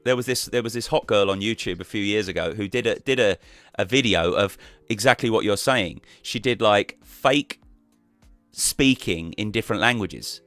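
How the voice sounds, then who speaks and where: A man's voice: on the low side, normal speed, a bit bright, no echo, soft background music. A man chatting casually as a guest on a live stream, rambling and restarting his sentences.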